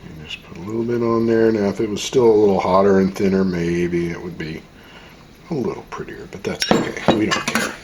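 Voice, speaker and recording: A deep-voiced man runs a laid-back home cooking demo, talking casually as he works. He is chatty and quick to laugh off his own mistakes. Soft clatter of cutlery and dishes sits faintly behind him in the kitchen. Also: noisy background. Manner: relaxed, chatty, self-deprecating. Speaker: home cooking show host.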